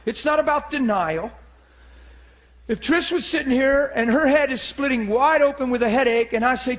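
Animated high-voiced male pastor preaching. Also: moderate pace. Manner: animated, acts out voices and sound effects. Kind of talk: sermon.

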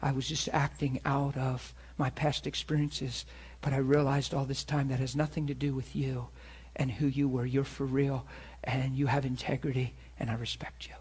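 A pastor preaching a sermon and telling personal stories in an earnest way, sometimes dropping soft and sometimes rising loud. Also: male voice, medium pitch, flat delivery, normal speed, few pauses, breathy edge. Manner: earnest storytelling, swings from soft confessional to loud emphatic.

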